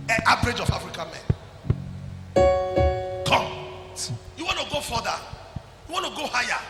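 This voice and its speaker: A Nigerian-accented man preaches as a pastor, calling people forward and shouting at the high points. His voice is very high, and the echoey room leaves a long reverb tail.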